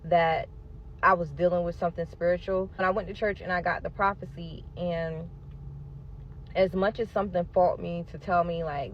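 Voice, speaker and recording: A woman telling her own story in a casual storytime monologue, emphatic and animated, acting out what people said and talking straight to her listeners. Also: fairly low pitch, normal speed, dull audio, slight background noise. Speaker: storyteller sharing a personal testimony.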